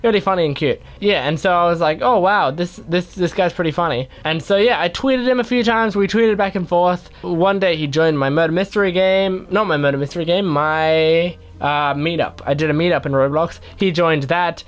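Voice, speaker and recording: Young man, casual Q&A chat, rambling, playful, self-mocking, slightly high voice. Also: moderate pace, hardly any pauses. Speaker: YouTube gamer answering fan questions.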